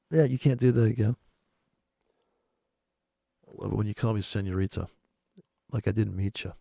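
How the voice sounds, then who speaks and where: Gravelly, profane, rambling man. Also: mid-range voice, darkish tone, no echo, studio quality. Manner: rambling, profane, sarcastic asides. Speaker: trading commentator. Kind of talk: casual trading chat over charts.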